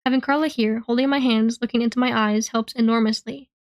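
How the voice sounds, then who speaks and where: A woman reading a novel aloud in the first person, telling the story in an expressive, earnest way. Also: on the high side, brisk. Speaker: reader.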